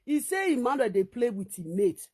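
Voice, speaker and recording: A woman speaks in a Nigerian Pidgin accent, her voice sitting high. She tells a story to the camera in an animated way, full of fillers and restarts. She climbs toward shouting whenever she repeats what others said. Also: normal speed. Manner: animated, rising to near-shouts when quoting others; many fillers and restarts, recounting a dispute. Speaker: vlogger. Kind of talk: casual storytelling monologue.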